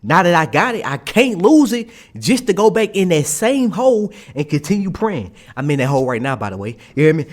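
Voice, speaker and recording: Animated young man telling a story. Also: fairly high pitch, a little fast, hardly any pauses. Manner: animated, slangy, keeps asking "you hear me?". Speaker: streamer. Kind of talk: casual storytelling.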